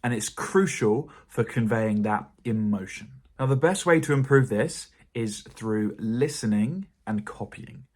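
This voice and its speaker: Husky British RP male English teacher. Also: medium pitch, a little slow, few pauses. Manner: calm, encouraging explanation to learners. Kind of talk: pronunciation lesson.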